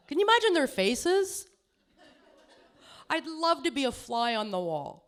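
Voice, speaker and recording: A woman's voice: sits high, very animated, measured pace, pauses often, fairly bright tone. A middle-aged woman with a lisp doing a self-deprecating stand-up comedy set on stage, laughing at her own jokes. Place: small comedy stage before an audience.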